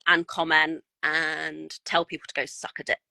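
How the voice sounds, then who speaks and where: A woman's voice: deep voice, monotone, normal speed, gravelly, sharp tone, dry recording, poor audio. A woman, a guest miniature painter, chatting bluntly and frankly on a podcast and swearing freely. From United Kingdom. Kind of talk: casual podcast chat.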